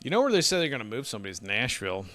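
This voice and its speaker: A man's voice: medium pitch, big pitch swings, very fast, sharp tone, dry recording. A man co-hosting a casual sports podcast, ranting and telling stories with plenty of swearing. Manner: profane, ranting, storytelling. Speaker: podcast co-host.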